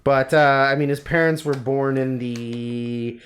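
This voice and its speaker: A man's voice: mid-range voice, fairly even intonation, slow pace, fairly bright tone, a little hiss or hum. A man in the middle of his range, chatting casually as a podcast co-host. He teases bluntly and sounds mock-exasperated at his friend. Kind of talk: casual chat.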